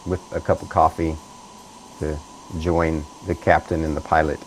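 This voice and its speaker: A man playing a company agent in a tabletop game, talking in a smooth corporate way with hesitant fillers. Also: very deep voice, flat delivery, moderate pace, a little hiss or hum, poor audio. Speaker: player. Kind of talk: in-character tabletop role-play.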